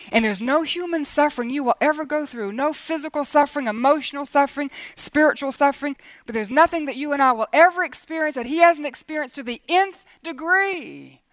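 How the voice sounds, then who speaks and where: A woman's voice: sits high, no echo. A middle-aged woman preaching earnestly, acting out quoted prayers as she teaches. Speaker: Bible teacher. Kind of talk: sermon.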